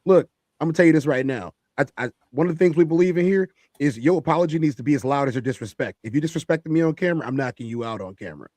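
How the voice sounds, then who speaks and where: A man's voice: on the high side, expressive, very fast, hardly any pauses, a little mellow, no room sound. A man hosting a reaction commentary, emphatic and repeating phrases for effect. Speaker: host.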